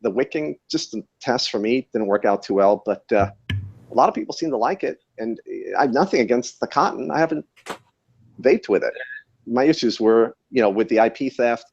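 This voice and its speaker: A man's voice: medium pitch, moderate pace, darkish tone, husky, muffled recording. A man who tests batteries, talking in a casual podcast chat in a wry, rambling, self-correcting way. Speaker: battery tester and guest.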